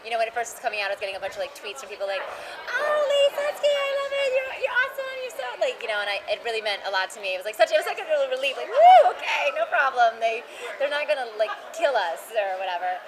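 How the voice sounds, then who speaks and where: A woman voice actress chatting casually as an interview guest, lively and quick, jumping to high-pitched bursts when she acts out quotes. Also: a loud crowd, heavy background noise. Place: convention venue.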